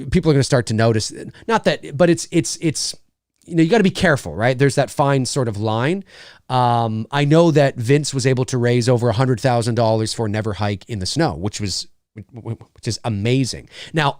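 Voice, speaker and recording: A man with a medium-pitched, slightly mellow voice hosts a casual livestream from a home studio, with no room sound on the studio mic. Reading viewer comments, he rambles, jokes and uses plenty of fillers.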